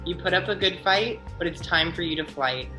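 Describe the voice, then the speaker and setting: A woman hosting an online game show, reading out votes and results in a measured, formal way. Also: on the low side, pushed and bright, soft background music, poor audio. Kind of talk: scripted announcements.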